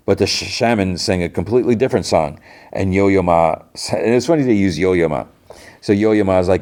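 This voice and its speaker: A man's voice: low voice, a little fast, a little mellow. A man hosting a podcast, recapping an episode in a rambling casual way, full of fillers and restarts, briefly acting out quoted lines. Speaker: podcast host.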